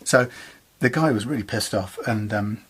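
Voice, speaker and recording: A man's voice: on the low side, moderate pace, husky. A man with an English accent chatting casually about a guitar repair in his workshop, rambling and bemused, laughing often.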